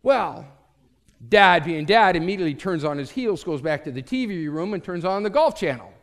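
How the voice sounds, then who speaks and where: Pastor guy giving a sermon, kinda high voice, long echo in the room. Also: lively intonation, moderate pace. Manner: storytelling, swings from loud to hushed.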